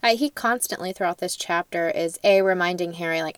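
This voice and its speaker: A young adult woman co-hosting a podcast, talking about a book in a relaxed, reflective way. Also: lowish voice, fairly quick, hardly any pauses, no room sound. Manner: relaxed, reflective, filler-heavy. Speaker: podcast co-host. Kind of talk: casual book discussion.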